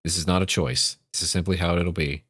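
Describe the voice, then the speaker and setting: A man's voice: sits low, steady tone, brisk, a bit bright, no room sound. A man voicing a female witch teacher who pleads and then lays down terms, reading game dialogue aloud on stream. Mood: stern.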